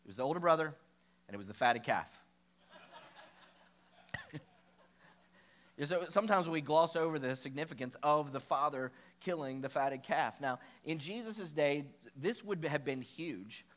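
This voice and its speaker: A man preaching a sermon as pastor, telling a story with animated, acted-out quotes. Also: on the high side, normal speed, pauses often.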